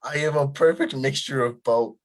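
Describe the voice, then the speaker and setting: A man's voice: mid-range voice, normal speed. A young Irish man with a Dundalk and Dublin accent, talking casually on a video call and laughing often as he searches for words. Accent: Irish, Dundalk and Dublin mix. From Ireland. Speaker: guest.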